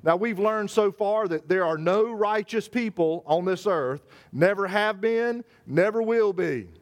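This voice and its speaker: A man preaching a sermon, stressing his words, repeating phrases and slowing down on scripture. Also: high voice. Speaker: pastor. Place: church service.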